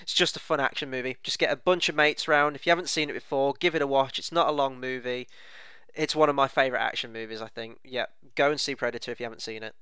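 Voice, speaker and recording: A man co-hosting a casual film review chat, relaxed and rambling. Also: medium pitch, fast talker, clean tone, no room sound. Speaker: film club co-host.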